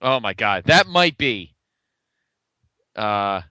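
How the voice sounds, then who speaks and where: A man's voice: on the low side, animated, takes it slowly, sharp tone, no echo, highs cut off. A man co-hosting a wrestling podcast, enthusiastic and profane, acting out lines from the match as he talks. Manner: enthusiastic, profane, acts out quotes. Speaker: podcast co-host. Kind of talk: casual wrestling recap chat.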